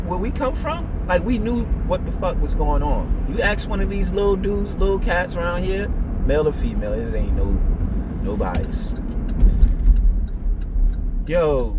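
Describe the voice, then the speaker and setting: A man's voice: a little high, heavy background noise. A man, talking in a casual, blunt, profane monologue full of street slang. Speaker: podcast host.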